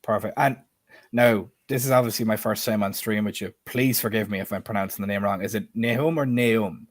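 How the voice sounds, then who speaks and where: A man's voice: on the low side, steady tone, fast talker, no room sound. A man in his twenties with an Irish accent, hosting a casual football chat stream and putting questions to his guests in a chatty, self-deprecating way. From Ireland. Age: 20s. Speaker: stream host.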